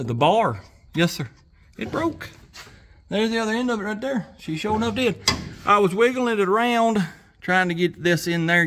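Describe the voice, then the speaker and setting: In his home garage, a man with a fairly high, somewhat bright voice hosts a casual vlog for his garage channel. He rambles in a folksy, self-deprecating manner, a little out of breath, with slight background noise audible.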